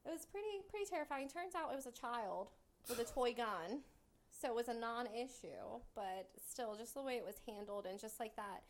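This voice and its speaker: Woman, podcast guest, chatty, acts out quotes, slightly high voice. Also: animated, moderate pace, slight background noise. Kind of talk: casual chat, storytelling.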